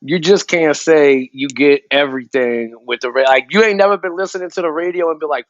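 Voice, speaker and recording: Chill co-host dude, swears a lot, muffled lo-fi dry sound. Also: male voice, a little high, fairly quick, few pauses, dry recording. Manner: laid-back, swears, filler-heavy. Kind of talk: casual fan-show talk.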